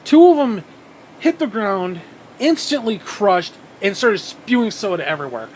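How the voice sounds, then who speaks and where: A man telling a story casually, animated, swearing often and repeating phrases for emphasis, sounding tired. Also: sits high, normal speed, slight background noise, low-quality recording. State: physically exhausted.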